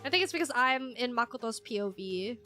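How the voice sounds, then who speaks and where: A woman streamer giving rambling, animated commentary while playing a game. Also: fairly high pitch, fairly quick, over music. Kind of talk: game let's play commentary.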